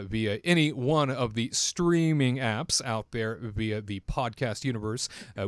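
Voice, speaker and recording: A man hosting a theme park news livestream, delivering an animated, showy hype-man intro with playful put-on voices. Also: mid-range voice, dry recording, clean studio sound.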